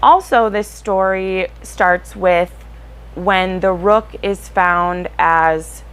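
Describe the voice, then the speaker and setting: Chatty woman book vlogger, lowish voice. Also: very slow, clear, resonant tone, rough recording. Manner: chatty and excitable, with frequent fillers. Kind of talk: casual chat to camera.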